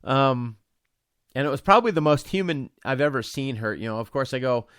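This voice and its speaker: A man's voice: mid-range voice, animated, fairly quick, a bit bright, smooth, no echo, clean studio sound. A man in his forties, a podcast host, telling a personal story with many restarts and fillers.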